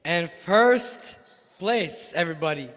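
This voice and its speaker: A hoarse man announcing contest winners at a banquet, joking and hyping up the crowd. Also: fairly high pitch, expressive, slow, big-room sound, background noise. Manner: joking, playful, hypes the crowd. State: hoarse from losing his voice. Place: large banquet hall.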